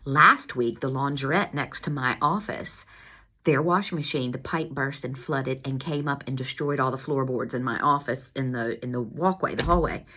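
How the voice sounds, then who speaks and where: Low-pitched, bright-voiced storytelling woman. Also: moderate pace, husky. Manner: animated, laughing, lively retelling with acted-out exclamations. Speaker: chiropractor. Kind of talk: casual storytelling monologue.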